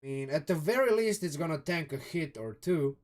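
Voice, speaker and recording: A man's voice: on the high side, lively intonation, fairly quick. Chatty Croatian man on a live stream. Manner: thinking aloud, many restarts and "um"s, chatty asides to viewers. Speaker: streamer reviewing a game sourcebook. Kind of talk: live-stream casual commentary.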